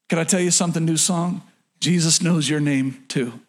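Male pastor, high voice, emphatic sermon delivery, repeats key lines. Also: steady tone, moderate pace. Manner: emphatic, repeats phrases, addresses congregation directly. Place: church in front of a congregation.

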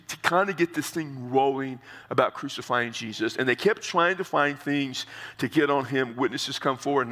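A man preaching an expository sermon, earnest and explanatory, often repeating words and climbing higher as he drives a point home. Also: bright, forceful tone. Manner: earnest, repeats words while explaining, rises in pitch for emphasis.

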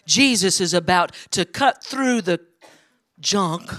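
A woman's voice: on the low side, animated, slow, fairly bright tone, no echo. A woman guest speaker preaching a sermon in a church, telling stories in an emphatic, conversational way. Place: church sanctuary.

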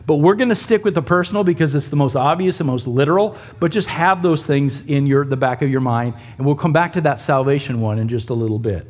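A man's voice: fairly high pitch, a little mellow. A man preaching a sermon and teaching a Bible passage in a conversational way, with asides to the congregation. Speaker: pastor.

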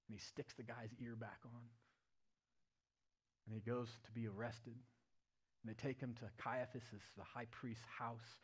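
A man's voice: little pitch movement, a little slow, long pauses, slightly rough. Man preaching with vivid storytelling. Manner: retells the story vividly, swinging from loud and raised to hushed and low. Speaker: pastor. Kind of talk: sermon. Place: church service.

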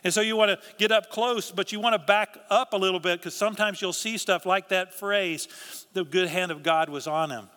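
A man preaching in a church, his voice bright and forceful, a little higher than most men. He talks earnestly and conversationally, often restarting his words. The sound hangs in the long reverb of a large hall. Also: fairly quick. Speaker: pastor. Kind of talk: sermon.

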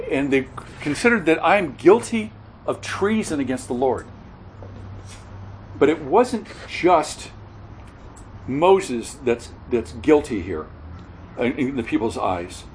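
A man preaching an expository sermon, earnest and halting, often repeating words and correcting himself mid-sentence. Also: mid-range voice, lively intonation, slight background noise, poor audio. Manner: earnest expository teaching, stresses key words.

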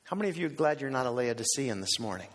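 Animated preacher in a reverberant hall. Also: male voice, very fast. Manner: animated, acts out quoted voices with big pitch swings. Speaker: pastor. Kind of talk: sermon.

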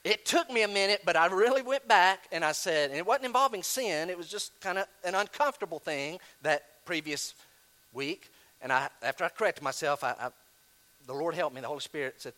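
A male pastor delivers a sermon in a high, bright voice. He preaches with lively swings of pitch, and he moves between loud, emphatic bursts and quiet, hushed asides. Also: a little fast.

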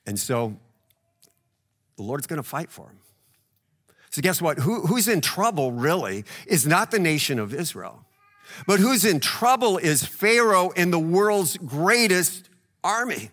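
A man's voice: fairly high pitch, sing-song, measured pace, a bit bright. A male pastor preaching a sermon in a conversational way, tying the scripture to everyday examples and often checking in with "right?".

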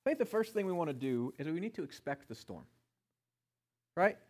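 A middle-aged man preaching a sermon, passionate, swinging between loud emphasis and hushed tones. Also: a little high, very animated, fairly quick. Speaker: pastor.

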